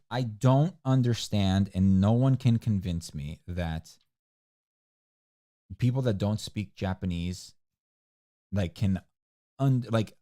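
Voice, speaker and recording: A man's voice: on the low side, dark tone. A man co-hosting a casual livestream, opinionated and ranting with frequent laughs. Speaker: livestream co-host.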